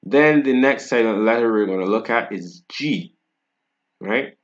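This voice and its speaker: Speaking slowly in a voice on the low side, a Barbadian-accented man leads a French pronunciation lesson. He is patient and casual, frequently using tag questions to check in, and the audio is dull.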